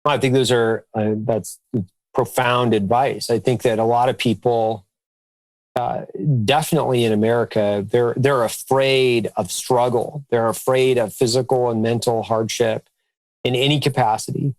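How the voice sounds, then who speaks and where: A male podcast host speaks in a measured, halting way, pausing on fillers as he gathers his thoughts. His mid-pitched voice is recorded close and dry. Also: fairly even intonation, a little mellow, no room sound, poor audio. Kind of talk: casual chat.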